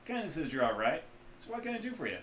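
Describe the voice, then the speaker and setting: A man voicing a cheerful, hungover, scarred middle-aged man who runs a cybernetic back-alley clinic, speaking loud and boastful with a loose Midwestern accent. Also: on the high side, sing-song, fast, a little hiss or hum, voice pushed up. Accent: loose Midwestern American. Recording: roomy echo, faint room ambience.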